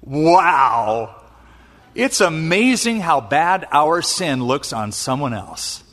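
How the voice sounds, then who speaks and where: A male preacher retelling scripture in a sermon, animated and exclaiming as he acts out quotes. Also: a little high, slow. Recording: long reverb in a large hall.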